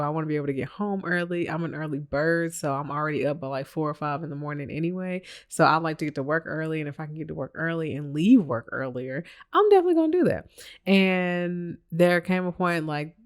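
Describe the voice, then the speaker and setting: A podcast host telling a work story in a casual monologue, animated and emphatic, laughing often and tossing blunt asides at listeners. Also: medium pitch, brisk, clear, resonant tone.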